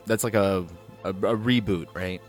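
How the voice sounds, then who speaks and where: A man hosting a movie podcast in relaxed, chatty talk with plenty of fillers. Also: deep voice, normal speed, faint music behind. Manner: laid-back, chatty, many fillers. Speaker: podcast host. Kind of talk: casual chat.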